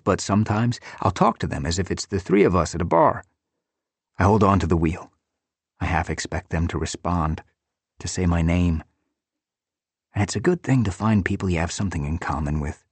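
Deep-voiced man narrating a story. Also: dry recording. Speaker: audiobook narrator. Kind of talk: first-person scripted narration.

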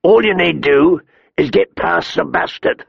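A sharp-tongued, cold master-at-arms who sneers at his pupils with cutting contempt, put on by a man reading an audiobook. The voice is a touch raised above the reader's own, with a gravelly edge. The recording is dry and a little dull. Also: fairly high pitch, wildly swooping pitch, unhurried, no echo, pitched above the performer's own voice, heavily acted. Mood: cold taunting. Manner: taunting, mocking. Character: cold, cruel middle-aged male master-at-arms.

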